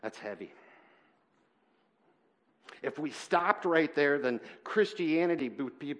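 A man preaching a sermon in church, earnest and halting, swinging between loud emphasis and quiet, heavy moments. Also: fairly high pitch, muffled recording. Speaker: pastor.

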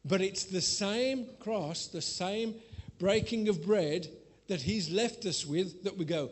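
Before a live congregation, a preacher with a fairly high voice tells a candid personal story laced with self-mocking humor. He speaks slowly with few pauses, his loudness swinging from a near mutter to a loud, exaggerated plea.

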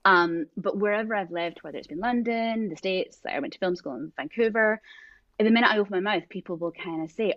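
A Scottish woman, her accent drifting, chats casually as a podcast guest, animatedly telling stories and acting out voices. Her mid-range voice moves fairly quickly, and the recording sounds dry and muffled.

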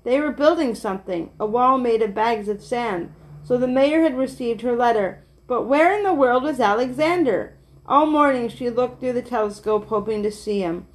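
A woman reading a children's picture book aloud in a gentle, steady way, with small slips and restarts. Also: on the high side, moderate pace.

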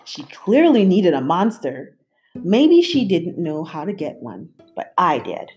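A woman reads a picture book aloud, slow and expressive, her pitch rising and falling widely. Soft guitar plays faintly under her voice. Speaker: storyteller.

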